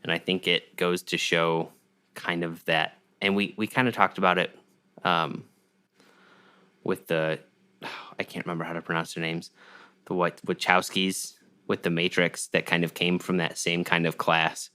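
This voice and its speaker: Low, bright-voiced man chatting casually. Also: measured pace, clear, resonant tone. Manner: rambling, animated when quoting scenes. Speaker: podcast co-host. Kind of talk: casual chat.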